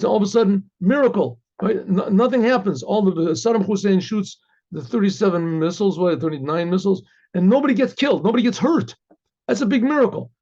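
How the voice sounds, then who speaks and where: A man teaching a Hasidic discourse as a rabbi, telling a story with lively acted dialogue and dropping in Yiddish phrases. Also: high voice, highs cut off. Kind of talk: informal Torah lecture with story.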